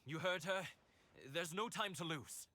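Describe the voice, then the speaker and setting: An actor voicing a worried official in a game, hesitant and polite. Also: male voice, high-pitched, measured pace, bright, forceful tone, no room sound, clean studio sound. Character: anxious male shipment official. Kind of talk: game cutscene dialogue.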